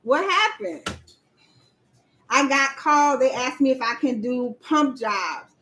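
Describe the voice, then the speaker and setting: A woman's voice: high voice, animated, takes it slowly, bright, forceful tone, slight background noise. A woman hosting a casual livestream as a proposal coach, chatting straight to viewers and reading out their comments.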